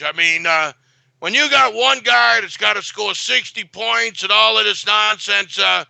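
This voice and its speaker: Gravelly sharp-voiced guy, blunt and cocky about his bets, lots of uhs. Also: high-pitched, measured pace, dry recording. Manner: blunt and boastful, many filler uhs. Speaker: sports betting handicapper. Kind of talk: sports betting talk.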